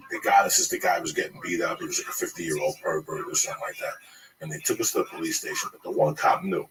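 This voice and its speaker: A man's voice: low-pitched, a bit bright. Profane, rambling man telling street stories. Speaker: storyteller in a group conversation. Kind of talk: casual profane storytelling. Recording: distant mic with clear background noise.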